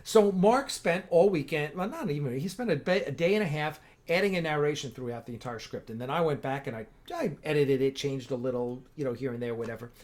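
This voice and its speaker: Male livestream host, slightly high voice, rambling and excited, casual chat. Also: a little fast, hardly any pauses. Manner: rambling, enthusiastic, lots of restarts. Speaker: host of a fan-film livestream.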